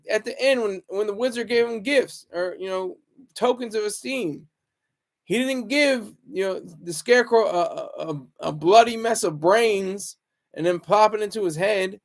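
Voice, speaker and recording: High-voiced rambling man. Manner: rambling with frequent restarts and chuckles. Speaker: vlogger. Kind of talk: casual rambling monologue.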